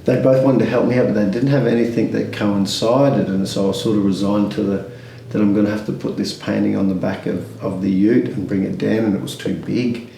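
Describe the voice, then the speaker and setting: A man's voice: lowish voice, steady tone, a little fast, gravelly, warm tone, roomy sound, a little hiss or hum, rough recording. A man, speaking candidly as an interview guest, rambling with many restarts and fillers.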